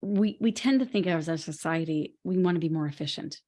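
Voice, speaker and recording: Animated woman telling stories on a podcast. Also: sits low, a little fast. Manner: animated, laughing storyteller. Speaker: podcast co-host. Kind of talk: casual conversation.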